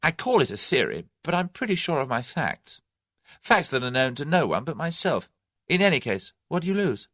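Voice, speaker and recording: A man's voice: fairly high pitch, big pitch swings, moderate pace, fairly bright tone, no echo, studio quality, pitched above the performer's own voice. A man playing a cocky young English adventurer. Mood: confident. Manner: breezy, confident, scornful. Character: cocky young Englishman bluffing his captors.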